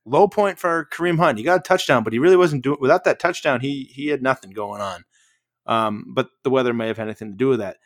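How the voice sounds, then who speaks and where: A man's voice: mid-range voice, fast talker. A man co-hosting a podcast, teasing and matter-of-fact in casual chat. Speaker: podcast co-host. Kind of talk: casual fantasy football chat.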